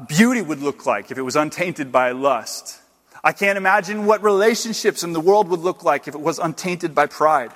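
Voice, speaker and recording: A male pastor preaching an earnest sermon, swinging between loud exclamations and hushed, slowed emphasis. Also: a little high. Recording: long hall reverb.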